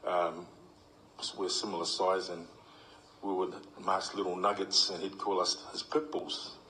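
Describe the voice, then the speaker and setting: A man's voice: sits low, level tone, unhurried, sharp tone, a little hiss or hum, low-quality recording. A middle-aged man giving a heartfelt, humorous eulogy full of stories. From New Zealand. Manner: heartfelt, humorous storytelling with acted quotes. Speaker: eulogy speaker. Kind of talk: funeral eulogy.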